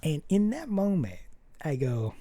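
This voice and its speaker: A rambling, filler-heavy storyteller with a deep, mellow, very dark voice, talking casually to the camera. The sound is dry and close, with no room around it. Quoted dialogue gets acted out along the way. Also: sing-song, measured pace, dry recording. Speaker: vlogger.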